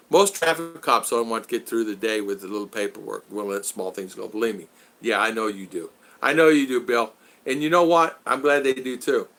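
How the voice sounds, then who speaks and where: A man chatting casually on a livestream from outdoors, rambling and animated as he greets viewers by name. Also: medium pitch. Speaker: vlogger reading live chat. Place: outdoors in the Philippines.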